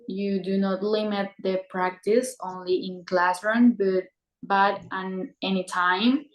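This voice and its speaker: A woman presenting teaching techniques, reading aloud carefully. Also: medium pitch. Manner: slow, careful, read-aloud delivery. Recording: echoey room.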